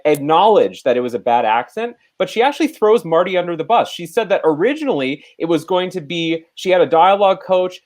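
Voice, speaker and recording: Male podcast co-host, slightly raised voice, blunt and opinionated in casual film talk. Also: fairly high pitch.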